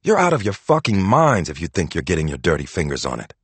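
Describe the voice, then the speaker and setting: A cornered young violinist swears and rages, read by a man whose voice rises loud and swings wide. The tone stays husky and dry, even at full volume. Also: sits low, quick pace, no echo, heavily acted. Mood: furious. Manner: shouting, swearing.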